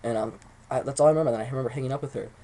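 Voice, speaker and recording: A young man telling a rambling, excitable story to the camera, swearing often as he goes. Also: mid-range voice, very fast. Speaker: vlogger.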